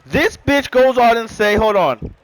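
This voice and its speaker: A man telling a story in a casual storytime monologue. He is animated and profane, and keeps saying "bro" and "right?". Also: very high voice, measured pace, no room sound, low-quality recording. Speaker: storyteller vlogger.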